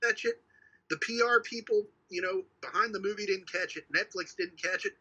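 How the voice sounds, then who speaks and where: A man's voice: high voice, moderate pace, bright, forceful tone, dull audio, a little hiss or hum. A man co-hosting a podcast in casual chat, heated, repeating himself and swearing often. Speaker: podcast co-host.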